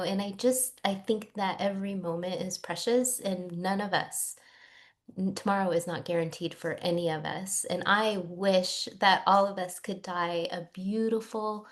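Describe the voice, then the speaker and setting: A woman hosting an online talk, speaking reflectively and emotionally with many fillers. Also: on the low side. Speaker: host. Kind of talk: conversational wrap-up.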